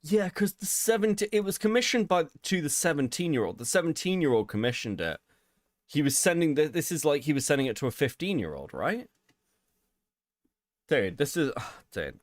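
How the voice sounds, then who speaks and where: Animated swearing livestream co-host. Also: male voice, a little high, moderate pace, no room sound, studio quality. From Europe. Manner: animated, swears a lot, laughs often. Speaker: co-host of a livestream commentary show. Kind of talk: casual livestream commentary.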